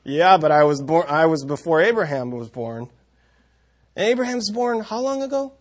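A man's voice: fairly high pitch, lively intonation, moderate pace. A man teaching a Bible passage in a conversational way, reading verses aloud and stopping often to correct himself. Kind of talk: scripture teaching talk.

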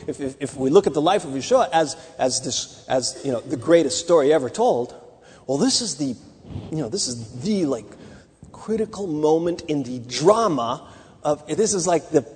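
Male teacher, sermon, high husky voice, rambling storytelling. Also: darkish tone. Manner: storytelling, dramatic emphasis; rambling with restarts. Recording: hall reverb.

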